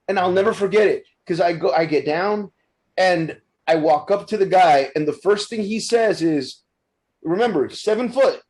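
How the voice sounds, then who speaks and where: A man in his thirties of Mexican-American background, telling stories in a casual podcast chat, animated and stumbling over his words. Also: high voice, normal speed. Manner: animated storyteller, frequent restarts and stumbles.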